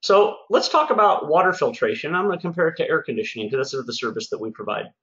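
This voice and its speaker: A man's voice: a little high, expressive, fast, a bit bright. A man who runs a home services business, hosting a casual sales webinar in an upbeat, folksy, chatty way. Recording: echoey room, slightly dull sound.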